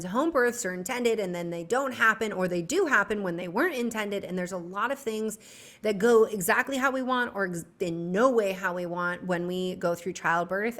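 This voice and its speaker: A woman doctor and author, a guest in a casual podcast conversation, speaking as a chatty storyteller with quick asides. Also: lowish voice, fairly bright tone.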